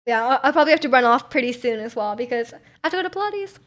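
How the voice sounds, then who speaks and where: A young woman chats casually with her stream viewers, rambling along and peppering her speech with "like" and little laughs. Her voice is high and a bit bright, with lively intonation and a rapid-fire delivery.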